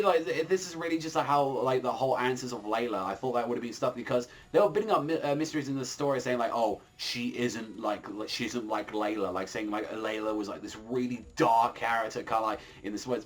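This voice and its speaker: A man reviewing a manga chapter in a casual, rambling way, full of fillers and swearing. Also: medium pitch.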